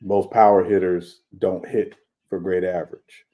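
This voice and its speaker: A man co-hosting a sports podcast, explaining baseball in a measured, casual way. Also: low voice, flat delivery, narrow, tinny audio. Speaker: podcast co-host.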